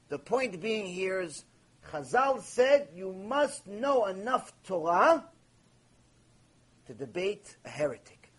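A man, a rabbi, giving a Torah lecture and telling a story in an emphatic, animated way full of rhetorical questions. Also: sits high, husky.

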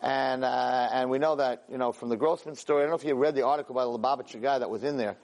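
A man teaching a weekly class, telling a story with lively energy, stumbling over and repeating words and acting out the characters' lines. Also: mid-range voice, fast talker. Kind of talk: animated storytelling lesson.

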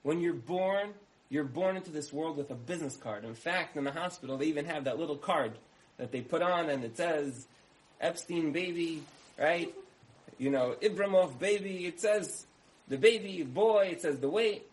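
A man's voice: on the high side, lively intonation, moderate pace, rough recording. A man giving a storytelling sermon, repeating key phrases for emphasis and acting out the dialogue of his story. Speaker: speaker giving a talk.

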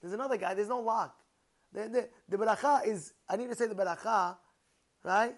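Rabbi teaching a class, animated, talks with the room, lots of fillers. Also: male voice, sits high, fast talker. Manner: animated, asks the room questions, many fillers. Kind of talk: Torah class to listeners.

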